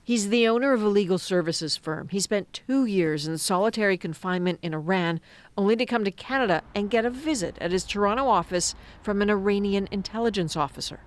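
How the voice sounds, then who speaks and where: A woman reading a news report voice-over in a measured, serious way. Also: medium pitch. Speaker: news correspondent narrating. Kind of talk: scripted news narration. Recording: voice-over with music bed.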